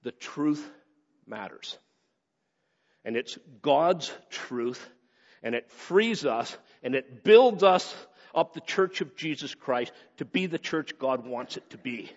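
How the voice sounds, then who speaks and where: A male pastor preaching a sermon, swinging between raised emphasis and quick, low asides. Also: lively intonation. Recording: dull sound with long hall reverb.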